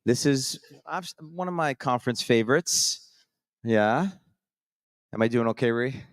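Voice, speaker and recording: A man's voice: medium pitch, expressive, a little slow, no echo, clean studio sound. A man hosting a live show on a conference stage, telling stories in an upbeat, chatty, rambling way with many restarts. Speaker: host.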